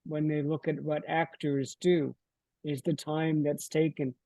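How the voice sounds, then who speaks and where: A man hosting a podcast, asking questions in a measured, casual way with fillers. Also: fairly high pitch, level tone, dark tone, no echo. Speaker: podcast host. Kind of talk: casual interview chat.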